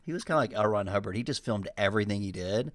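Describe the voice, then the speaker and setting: A man co-hosting a podcast, chatting in a relaxed, joking way. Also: on the low side, quick pace, no echo. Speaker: podcast co-host. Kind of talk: casual podcast chat.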